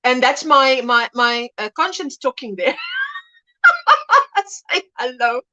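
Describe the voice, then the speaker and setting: A woman's voice: sits high, huge pitch swings, slow, sharp tone, dull audio. A middle-aged woman hosting a casual livestream chat, reading viewers' comments aloud and laughing often. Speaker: livestream host.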